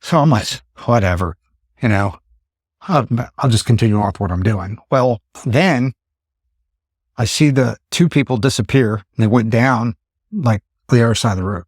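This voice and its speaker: A man's voice: medium pitch, normal speed, no echo, studio quality. A man in his fifties, a podcast host telling a story in casual chat and acting out his own thoughts in exclaimed asides. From Pennsylvania. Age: 50s.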